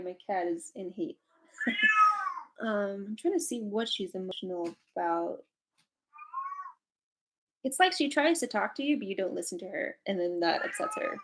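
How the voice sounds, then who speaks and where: A woman's voice: mid-range voice, very noisy. A woman reading angel cards on a live stream from home, chatty and giggly, with lots of fillers. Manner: giggly, laughs often, many fillers. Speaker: psychic card reader. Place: at home with a cat.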